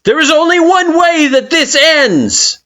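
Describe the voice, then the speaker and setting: A man voicing a furious, vengeful child spirit who shouts with scathing scorn. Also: very high-pitched, animated, a little slow, voice pushed up, full character voice. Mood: raging.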